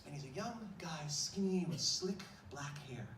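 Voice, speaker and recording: A man telling a comic story on stage in an animated, breathless, exclamatory way. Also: on the high side, measured pace, a little hiss or hum. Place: stage in a large room. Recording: echoey stage from far off, faint room ambience.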